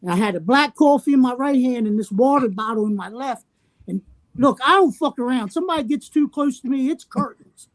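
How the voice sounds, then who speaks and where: A man on a podcast telling a story in a casual way. He swears constantly and sounds brash and animated. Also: extremely high pitch, a little fast, no room sound. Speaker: podcast regular.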